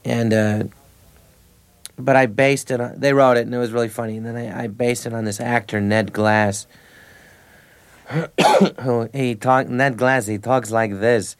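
A man's voice: mid-range voice, fairly even intonation, a little slow, long pauses, smooth. Man in his thirties, comedy guest, rambling anecdotes, restarts, studio mic. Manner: rambling, restarts mid-sentence, laughs between stories. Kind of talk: casual anecdotal interview.

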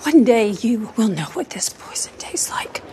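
An actress playing a slandered society woman who confronts an author in a hushed, accusing voice. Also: a little high, very animated, normal speed, whispered. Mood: bitter. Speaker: actress in a TV drama clip.

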